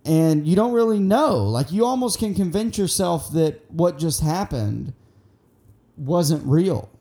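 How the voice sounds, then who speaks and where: A young man tells a story in a loose, rambling way, full of swearing, with a mellow, darker tone. His voice sits a bit higher than most men's. He acts out the lines of the people in the story as he goes. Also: a little slow. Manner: rambling, profane, excitable, acts out quotes. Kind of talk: casual storytelling.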